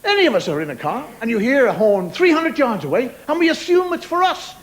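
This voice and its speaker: A man's voice: extremely high pitch, very animated, fairly quick. A middle-aged man doing stand-up, ranting in exasperation about everyday annoyances, mimicking people and car horns. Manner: exasperated ranting with mimicked voices and sound effects. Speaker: stand-up comedian. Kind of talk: stand-up routine before a live audience. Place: television studio stage. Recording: live show audio with audience noise.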